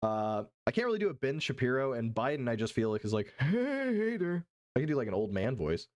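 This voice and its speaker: A man's voice: mid-range voice, expressive, fast. A male streamer reacting live to a video, swearing a lot, joking, and jumping between put-on voices. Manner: profane, jokey, jumps between voices.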